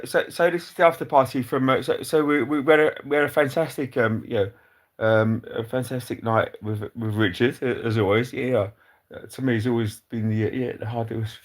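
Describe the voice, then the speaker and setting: A British man hosting a casual livestream, reading out chat comments in a halting, rambling way full of fillers and restarts, with dry deadpan asides. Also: mid-range voice. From Britain.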